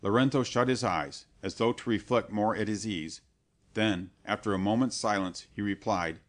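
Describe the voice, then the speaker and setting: A man narrating a classic crime story as an audiobook in a steady, even reading. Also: fairly low pitch, normal speed. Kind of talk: scripted narration.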